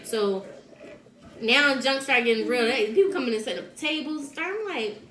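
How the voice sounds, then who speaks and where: A woman's voice: high voice, moderate pace, echoey room, background noise. A woman telling a story in a casual chat, laughing often and acting out what people said. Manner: animated, laughs often, acts out quotes. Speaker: host.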